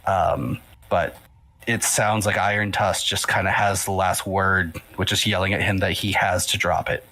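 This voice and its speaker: A man with a lowish voice serves as game master for a tabletop game. He narrates loosely, with plenty of fillers and restarts. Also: moderate pace, low-quality recording. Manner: relaxed, filler-heavy narration.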